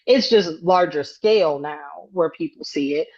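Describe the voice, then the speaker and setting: A woman co-hosting a casual podcast chat, telling a story with lively acted-out quotes and frequent hedging. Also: low-pitched, measured pace, muffled recording. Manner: animated storyteller acting out quotes, hedges often. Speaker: podcast co-host.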